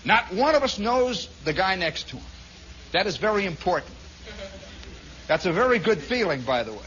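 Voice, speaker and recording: Bright-voiced rambling radio storyteller man. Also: high-pitched, sing-song, moderate pace, slight background noise. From Indiana, US. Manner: rambling, conversational, full of asides. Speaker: radio host. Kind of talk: storytelling monologue. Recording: dull lo-fi 1960s radio broadcast.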